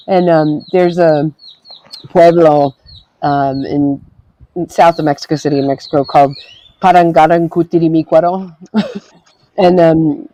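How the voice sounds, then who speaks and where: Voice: mid-range voice, dark tone, no room sound, poor audio. A guest in a casual stream chat who laughs often.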